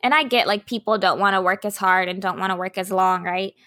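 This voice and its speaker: Bright-voiced Southern woman podcaster. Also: mid-range voice, fairly even intonation, fairly quick, no echo, clean studio sound. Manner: frank, opinionated. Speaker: podcast co-host, kindergarten teacher. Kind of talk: casual podcast chat.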